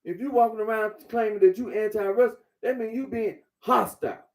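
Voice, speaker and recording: A man's voice: high-pitched, fairly even intonation, brisk. A man giving a blunt, repetitive monologue, lecturing the listener directly. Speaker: commentator. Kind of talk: casual monologue.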